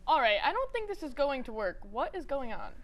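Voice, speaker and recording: A woman's voice: sits high, very animated, a little fast, fairly bright tone. A young woman co-hosting a scripted student comedy show, playing the cheerful, bemused straight woman. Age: young adult. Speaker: co-host.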